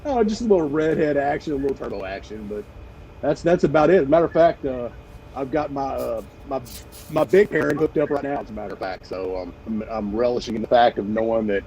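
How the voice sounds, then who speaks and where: A man's voice: medium pitch, darkish tone, slight background noise, low-quality recording. A middle-aged man with a Southern US accent, a reptile breeder chatting on a video call in a joking, rambling way. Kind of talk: casual livestream chat.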